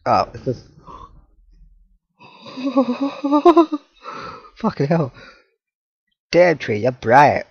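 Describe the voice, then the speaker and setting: A man's voice: on the high side, huge pitch swings, extremely slow, long pauses, breathy edge, dry recording, muffled recording. A man commentating his own horror game play, jumpy, swearing, laughing and talking to objects in the game. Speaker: gaming channel host.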